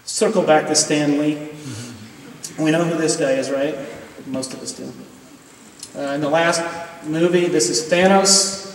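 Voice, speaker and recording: A man's voice: fairly high pitch, fairly even intonation, measured pace, long pauses, slight background noise. Earnest man pleading in an echoey hall. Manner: emotional, earnest, pleading with the audience. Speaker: university professor speaking in chapel. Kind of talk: heartfelt chapel speech. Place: large hall, recorded from afar. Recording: distant, echoey hall with long reverb.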